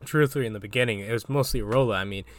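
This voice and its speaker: A man co-hosting a casual sports chat, animated and laughing often as he reads quotes aloud. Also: fairly low pitch, racing. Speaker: co-host.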